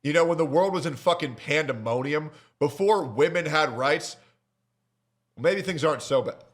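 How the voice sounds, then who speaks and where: A man's voice: a little high, lively intonation, moderate pace. A man co-hosting a reaction stream, throwing in blunt, jeering comments. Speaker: co-host commenting alongside. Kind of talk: casual reaction chat.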